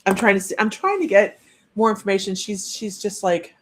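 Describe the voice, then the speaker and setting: A woman's voice: medium pitch, animated, fairly quick. A woman working as a psychic medium, giving a chatty live-streamed reading and relaying messages with frequent restarts.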